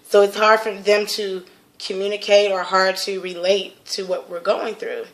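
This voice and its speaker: A woman's voice: mid-range voice, little pitch movement, normal speed. A young woman earnestly sharing a personal testimony in casual, rambling talk full of fillers.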